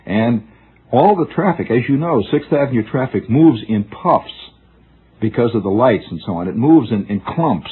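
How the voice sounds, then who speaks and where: Recorded on a tinny old radio broadcast, a man delivers a discursive, musing monologue story, frequently restarting. He has a husky, expressive mid-range voice at normal speed.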